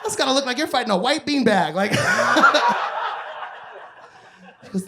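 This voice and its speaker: A man performing a crude stand-up comedy set on a club stage, yelling his punchlines and telling stories. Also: very high voice, animated, slow pace, long pauses, crowd noise. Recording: noisy live club recording.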